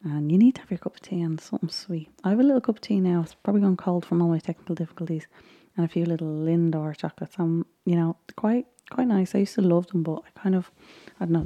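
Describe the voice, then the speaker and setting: A woman's voice: lowish voice, quick pace, warm tone, dull audio. A woman vlogger chatting casually as she recaps a baking show, rambling with frequent ums and little laughs. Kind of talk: casual chat.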